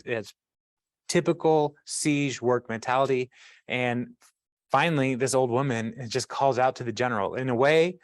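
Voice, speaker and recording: A man's voice: mid-range voice, no room sound. Chatty man reading scripture, dry sound. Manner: chatty, laughs often, wanders off-topic. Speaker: Bible study host. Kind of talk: casual scripture reading with commentary.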